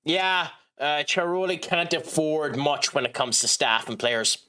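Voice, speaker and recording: A man streaming a football management game, chatting with viewers in a rambling way and reacting loudly to the match. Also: fairly high pitch, lively intonation, unhurried, clean tone. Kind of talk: live gaming stream chat and match commentary.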